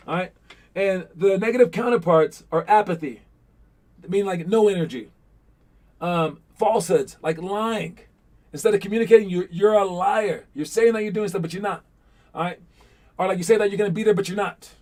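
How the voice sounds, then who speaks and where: A young man coaching basketball players through a lesson, animated and often acting out the calls players shout on court. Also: sits high.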